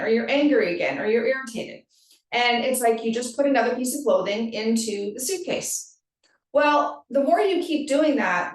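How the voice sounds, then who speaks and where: A woman yoga teacher hosting a podcast, talking casually and often checking in with "right?". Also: a little high. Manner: conversational, frequent "right?" and "like". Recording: very echoey room, distant from mic.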